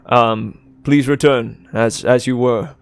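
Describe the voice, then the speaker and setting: A man's voice: mid-range voice, fairly even intonation, slow, gravelly, clear, resonant tone, dry recording, pitched above the performer's own voice. A man voicing a flustered, courteous village elder who hesitates a lot. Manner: hesitant, courteous, full of ums. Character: flustered, polite old male village elder.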